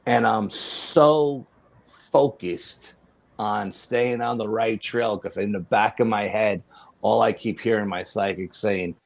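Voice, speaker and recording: Gravelly low-voiced man telling a story. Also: measured pace. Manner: animated, profanity, laughs while telling. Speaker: podcast guest. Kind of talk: casual storytelling.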